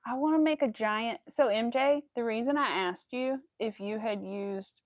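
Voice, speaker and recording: A woman's voice: a little high, moderate pace, no echo. A young woman chatting casually and rambling with fillers while she crochets on a livestream. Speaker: crochet streamer.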